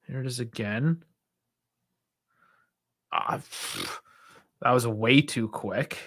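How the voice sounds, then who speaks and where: A man's voice: mid-range voice, huge pitch swings, slow, gravelly, fairly bright tone. A young man hosting a football watch-along stream, chatting casually, reacting aloud with sighs and laughs and talking to his chat. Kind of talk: casual live match commentary.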